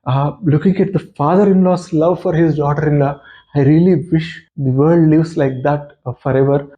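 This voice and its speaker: A man's voice: a little high, dark tone. A man retelling a sacred epic in an earnest, explanatory way, his voice wearing a little thin. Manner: earnest and explanatory, often addresses the listener. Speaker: devotional scripture reader. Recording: dull lo-fi recording.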